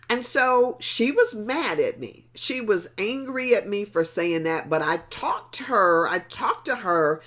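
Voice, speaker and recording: Middle-aged woman host, motivational storyteller, lively pitch, slow deliberate delivery, repeats for emphasis. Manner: animated, conversational, repeats words for emphasis. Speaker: motivational talk show host.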